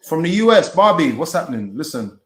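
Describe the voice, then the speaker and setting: A man's voice: fairly high pitch, very animated, fairly quick. Playful South London man, echoey room. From England. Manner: playful, laughs, greets viewers by name. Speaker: co-host. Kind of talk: casual chat on a live stream.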